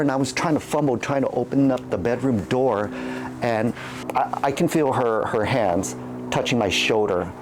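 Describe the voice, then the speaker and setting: A man's voice: medium pitch, darkish tone, a little hiss or hum. A man casually telling a candid personal story, rambling and restarting his sentences. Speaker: channel host.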